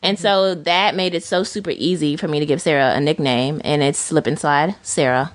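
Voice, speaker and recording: A woman with a low voice co-hosts a casual podcast. She tells stories in an animated way and acts out the people she quotes. Her voice sounds close and dry, with no room echo. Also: normal speed. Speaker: podcast co-host. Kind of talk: casual chat.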